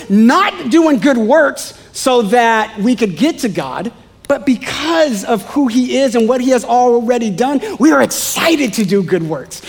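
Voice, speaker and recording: A man with a strikingly high voice preaches to his congregation. He talks in a conversational, animated way and slips in playful asides between points. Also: breathy edge. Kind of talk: sermon.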